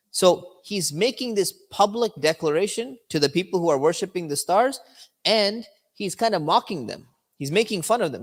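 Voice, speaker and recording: A man's voice: fairly high pitch, animated, moderate pace. A man giving a religious lesson in a conversational, explaining manner, checking in with his listeners as he goes. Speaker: religious teacher. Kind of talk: religious lecture. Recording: long hall reverb.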